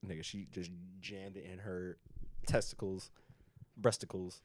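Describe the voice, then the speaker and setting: A man's voice: low-pitched, fairly even intonation, a little slow, slight background noise. A young man in casual podcast chat, telling a story with crude jokes and slang. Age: young adult. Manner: crude joking banter with slang. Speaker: podcast co-host.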